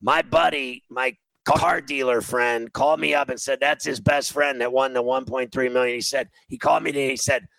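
A man's voice: mid-range voice, steady tone, moderate pace, creaky, few pauses, fairly bright tone, dry recording, low-quality recording. A middle-aged man hosting a casual sports betting chat, telling rambling self-mocking stories with plenty of cussing. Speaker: sports podcast host.

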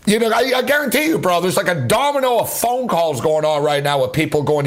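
A man's voice: sits high, expressive, normal speed, hardly any pauses. A man hosting a late-night sports talk radio show, ranting angrily and sarcastically.

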